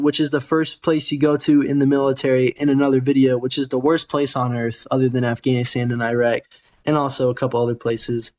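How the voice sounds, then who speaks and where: A young American man hosting a gaming channel, telling a casual, rambling, profane story with self-corrections. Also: mid-range voice. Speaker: gaming channel host and soldier.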